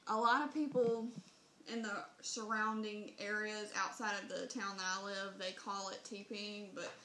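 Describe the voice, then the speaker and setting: A woman's voice: medium pitch, level tone, a little slow, a bit bright, echoey room, a little hiss or hum, rough recording. A young woman from southern Mississippi with a Southern Mississippi accent, chatting casually in a vlog and reading word lists aloud, recorded on a phone. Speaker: vlogger.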